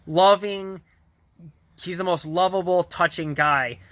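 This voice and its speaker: A man's voice: sits high, takes it slowly, a bit bright, no room sound. A man vlogger casually retelling a TV episode in a rambling way, full of fillers, restarts and small chuckles. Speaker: vlogger reviewing a TV show.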